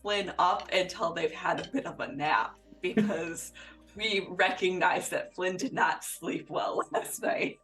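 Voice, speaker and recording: A player talking through plans slowly and hesitantly at a tabletop game. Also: medium pitch, pushed and bright, recorded from a distance, soft background music. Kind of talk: casual tabletop play.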